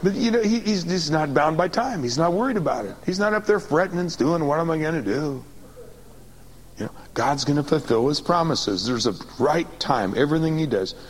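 A man preaching a sermon, swinging from excited high bursts to quiet low reading, calling on the congregation to repeat after him. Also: fairly quick, hardly any pauses, rough recording. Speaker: pastor.

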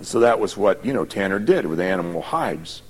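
A man's voice: on the low side, lively intonation, normal speed, husky. A man preaching a sermon, retelling scripture in a folksy, conversational way with many asides. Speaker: pastor. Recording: long hall reverb.

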